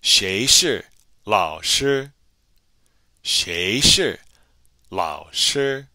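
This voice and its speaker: Guy teaching a recorded language class, lowish voice but bouncy, takes it slow, dry sound. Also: lively intonation, bright, forceful tone, dry recording. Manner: models pronunciation slowly and repeats phrases for learners; patient, explanatory. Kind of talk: pre-recorded lesson narration.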